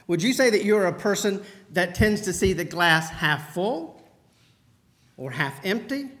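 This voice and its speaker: High-voiced man preaching. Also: animated, unhurried, a bit bright. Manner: storytelling, conversational preaching. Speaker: pastor. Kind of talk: sermon.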